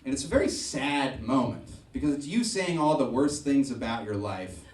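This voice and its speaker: A young man doing a stand-up comedy set, telling self-deprecating stories and bursting into loud acted voices. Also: mid-range voice, expressive, moderate pace. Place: comedy club with live audience. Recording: echoey club from far off, audience audible.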